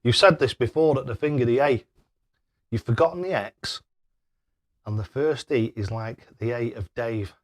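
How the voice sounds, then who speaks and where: Older bloke livestreaming darts, chatty and laughing a lot, keeps fumbling names. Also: male voice, mid-range voice, moderate pace. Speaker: darts livestreamer reading chat. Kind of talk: casual live-stream chat.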